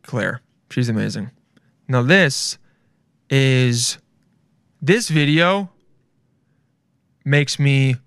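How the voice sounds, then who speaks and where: A man's voice: medium pitch, fairly bright tone, no echo, studio quality. A man hosting a podcast in a casual, rambling way, swearing freely and joking as he reacts to clips. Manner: rambling, profane, jokey. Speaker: podcast host.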